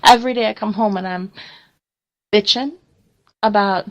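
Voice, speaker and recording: A woman's voice: medium pitch, normal speed, gravelly, long pauses, rough recording. A woman hosting a radio talk show, chatting casually and acting out little quoted scenes with frequent laughs. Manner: animated storyteller, acts out quotes, laughs often. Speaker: radio host.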